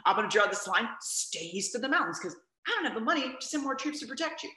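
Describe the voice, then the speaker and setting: A woman's voice: a little high, very animated, quick pace, bright, forceful tone, echoey room, pitched above the performer's own voice. A woman doing a patronizing scolding King George. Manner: exasperated, lecturing, patronizing. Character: King George III, a put-upon scolding monarch.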